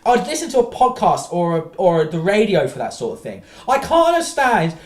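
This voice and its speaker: A woman's voice: lowish voice, big pitch swings, brisk, roomy sound. A woman streamer ranting profanely in exasperated reaction commentary.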